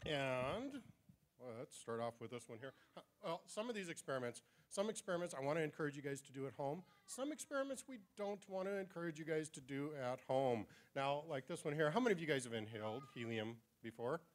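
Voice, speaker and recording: A man's voice: a little high, expressive, brisk. A man emceeing an awards ceremony in a large ballroom, talking playfully and directly to a crowd of kids. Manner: playful, talks straight to a young crowd.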